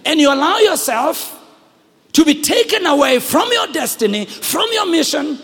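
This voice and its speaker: South African man preaching in a reverberant church hall, high lively voice with a gravelly edge, playful and fervent. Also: moderate pace. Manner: animated, shouts at peaks, joking with the congregation. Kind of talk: sermon. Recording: long echoing hall reverb.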